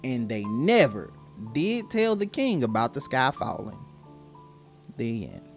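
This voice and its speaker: A woman's voice: extremely low pitch, big pitch swings, slow pace, soft background music. A woman reading a children's storybook aloud with a sing-song delivery.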